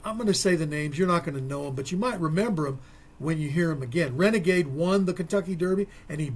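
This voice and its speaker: A man's voice: fairly high pitch, quick pace, slightly rough. A man co-hosting a local sports radio show, talking casually with folksy, rambling asides.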